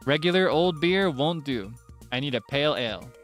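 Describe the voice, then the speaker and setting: A man reading the lines of a gruff, thirsty middle-aged woman villager in a slow drawl. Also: fairly high pitch, expressive, fairly bright tone, soft background music.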